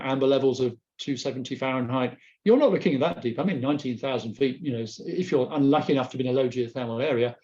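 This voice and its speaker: Halting man giving a webinar talk. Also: mid-range voice, mellow, lo-fi sound. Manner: halting, with many restarts and repeated words. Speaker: guest speaker presenting slides. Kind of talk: webinar presentation. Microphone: remote webcast mic.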